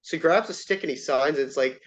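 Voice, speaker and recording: A man telling hockey stories in casual chat, acting out quoted lines in a raised, animated voice. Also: fairly high pitch, fast. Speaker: interview guest, former player and coach. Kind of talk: casual storytelling. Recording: dull lo-fi sound.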